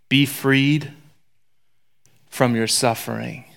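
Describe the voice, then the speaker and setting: A man preaching a sermon in a conversational, joking way, swinging from loud to hushed whispers. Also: medium pitch, moderate pace. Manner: conversational, joking, acts out voices.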